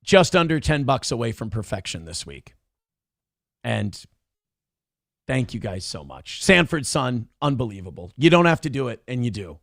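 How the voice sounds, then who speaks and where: A man hosting a live online show, talking casually and excitedly, cursing freely while thanking viewers for donations. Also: mid-range voice, normal speed, gravelly, no echo, studio quality. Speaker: livestream show host.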